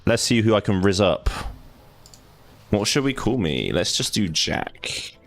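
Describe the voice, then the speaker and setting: Young male streamer, low voice, dry jokey commentary over gameplay. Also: very animated, measured pace, faint music behind. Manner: joking, sarcastic asides while reading. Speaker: gaming streamer. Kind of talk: casual let's-play commentary, reading game text aloud.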